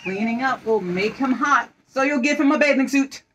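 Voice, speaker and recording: A woman reading a children's book aloud at home, playful and coaxing, giving quick directions during pretend play. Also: sits high, fairly bright tone, a little hiss or hum, poor audio.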